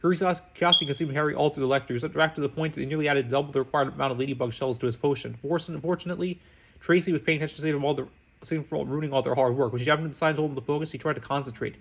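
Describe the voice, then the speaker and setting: A man narrating a fan fiction story aloud, hurrying through the text and often stumbling and restarting words. His voice sits a bit high for a man, and the pace is very quick. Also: fairly even intonation, creaky. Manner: rushed, frequent slips and restarts. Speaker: reader.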